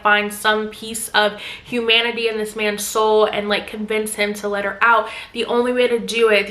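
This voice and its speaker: Bright, emphatic young woman vlogger. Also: a little high. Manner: animated, emphatic. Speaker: book vlogger. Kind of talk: casual book recap. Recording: echoey room.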